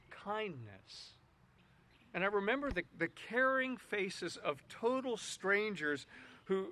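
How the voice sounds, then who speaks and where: Male pastor, high voice, halting, repeats words as he restarts, sermon delivery. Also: a bit bright.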